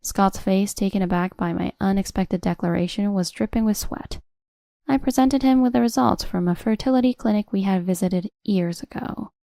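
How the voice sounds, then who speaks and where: A woman narrates a first-person family drama in a cool, steady manner. Her voice has a gravelly, creaky texture and sits in the middle of the pitch range. She was recorded on a close mic in a dry room. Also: moderate pace, dry recording.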